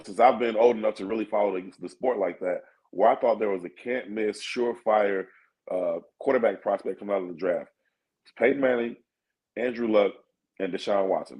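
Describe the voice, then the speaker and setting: A man breaking down sports in relaxed talk-show conversation. His voice sits fairly low, and he thinks aloud, checking in with "you know what I mean?". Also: low-quality recording. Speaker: sports talk co-host or guest. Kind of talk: casual sports analysis.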